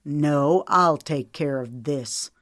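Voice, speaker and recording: Lady reading a stern protective guy, firm, clipped, low. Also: takes it slowly, a bit bright, dry recording, studio quality. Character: protective man, stern and controlled.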